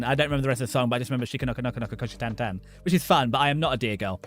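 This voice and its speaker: Brief: young British man, rapid rambling stream host, slightly high voice, faint music under. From Britain. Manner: rambling, excitable, jokey with many restarts. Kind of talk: casual livestream chat.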